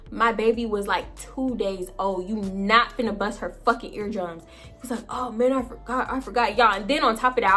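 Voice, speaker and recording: Young woman vlogger, loose and profane, shot on a phone at home. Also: a little high. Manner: profane, chatty, animated storytelling to viewers. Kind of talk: casual storytime chat. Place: home, indoors. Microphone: phone camera.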